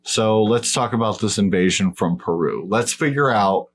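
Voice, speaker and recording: Male podcast host, lowish voice, blunt and profane, dismissive in casual debate. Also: animated, moderate pace.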